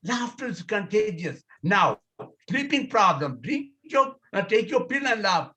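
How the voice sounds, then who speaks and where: A man's voice: sing-song, a little slow. Man laughing and crying out on a video call. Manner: bursts of loud laughter and high cries. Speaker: laughter yoga teacher. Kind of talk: laughter yoga demonstration.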